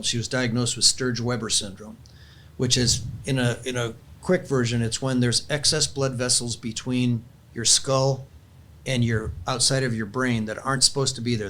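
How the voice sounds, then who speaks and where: A man's voice: medium pitch, steady tone, moderate pace, a bit bright, slight background noise. An older man, a grandfather and podcast guest, telling a heartfelt family story in an earnest, conversational way and closing in prayer.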